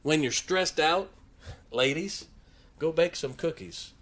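A man's voice: on the high side, takes it slowly, a bit bright, slightly rough. A man preaching a sermon as pastor, telling folksy stories and joking with his congregation.

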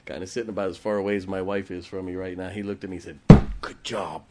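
A man's voice: low-pitched, level tone, rapid-fire, very noisy. A man preaching a sermon to a congregation, blunt and emphatic, hammering his points in short lists and often breaking into a chuckle. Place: church before a congregation.

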